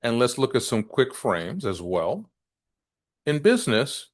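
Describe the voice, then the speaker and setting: A man teaching business English, speaking deliberately and stressing key words to demonstrate intonation. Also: medium pitch, huge pitch swings. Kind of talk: presenting a business English lesson.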